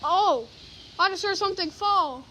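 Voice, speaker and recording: Very high, bright excitable young woman. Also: measured pace, slight background noise, low-quality recording. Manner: breathless, exclaiming, rambling. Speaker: storm vlogger. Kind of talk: excited live storm commentary. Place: outdoors by a house, then a garage, in a windstorm. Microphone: handheld phone.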